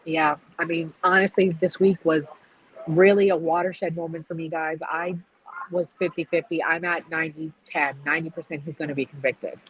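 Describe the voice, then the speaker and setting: A woman's voice: low voice, fairly even intonation, normal speed, phone-quality sound, a little hiss or hum. A woman hosting a podcast, telling what she saw in a chatty, gossipy way. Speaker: podcast host. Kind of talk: casual podcast chat.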